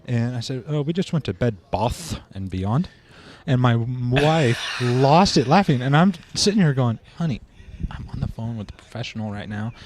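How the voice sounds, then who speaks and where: A middle-aged American man chatting as a guest, his voice rising and falling a lot as he spins a funny story. He laughs easily and often, in an animated, loose way. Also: mid-range voice, fairly quick, few pauses, a little hiss or hum. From United States. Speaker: guest drummer. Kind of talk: casual chat.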